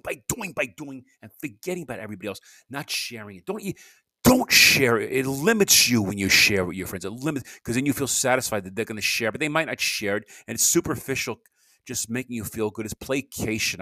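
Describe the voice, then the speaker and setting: There's no room sound as a man with a medium-pitched, somewhat bright voice hosts his solo podcast. His monologue rambles loosely, with restarted sentences and grumbled asides.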